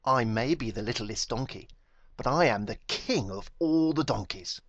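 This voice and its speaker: A man's voice: mid-range voice, animated, moderate pace, muffled recording, noisy background, lightly acted. A man voicing a small, eager young male donkey who is earnest and boastful, with wounded pride, in a storybook reading.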